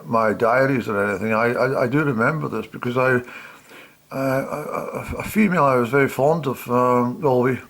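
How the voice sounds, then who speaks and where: An older man, casually reminiscing in a halting way with many restarts. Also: mid-range voice, gravelly, fairly bright tone. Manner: halting, full of restarts and fillers. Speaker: storyteller.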